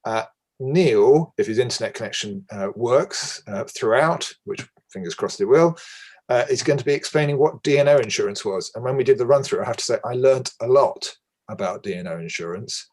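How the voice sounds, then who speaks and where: A man chairing a webinar in a chatty, relaxed way with lots of fillers, on a video call. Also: medium pitch, normal speed. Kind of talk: casual webinar hosting.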